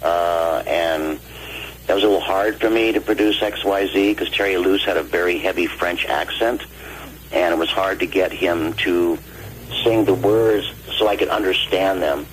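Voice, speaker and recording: A man's voice: low voice, moderate pace. An older man, a singer and producer, telling studio stories over a phone call and acting out the dialogue. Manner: animated, acts out quoted dialogue. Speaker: guest vocalist and producer. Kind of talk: phone interview storytelling. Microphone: phone line. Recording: phone call with faint noise.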